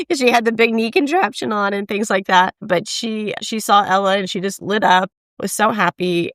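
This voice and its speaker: A middle-aged woman telling a personal story in an earnest way, now and then with a soft laugh, as a podcast guest. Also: medium pitch, no echo, studio quality. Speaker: guest, patient safety foundation co-founder.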